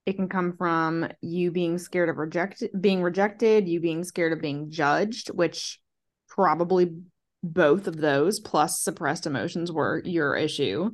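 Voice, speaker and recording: A woman's voice: lowish voice, unhurried. A young woman co-hosting a podcast in casual chat, laid-back, slangy and teasing. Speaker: podcast co-host.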